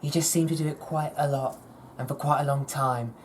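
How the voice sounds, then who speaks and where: A woman's voice: low-pitched, fairly even intonation, brisk, a little hiss or hum, lightly acted. A woman playing a nosy, fussing mother who keeps calling her child lovey, in a comedy sketch. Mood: prying. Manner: prying, gently persistent, calls her child lovey.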